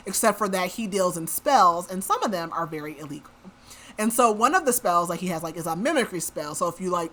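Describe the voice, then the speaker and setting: Bright-voiced chatty woman podcaster. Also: on the low side. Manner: chatty, says "like" a lot. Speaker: podcast host. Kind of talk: casual book recap.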